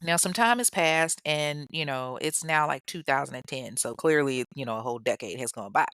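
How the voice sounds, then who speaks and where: A woman's voice: extremely low pitch, animated, moderate pace, a bit bright, clean tone, dry recording. A woman hosting a podcast, retelling a true-crime case in a chatty, profane way with laughing asides to her listeners. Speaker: podcast host. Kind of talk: casual true-crime storytelling.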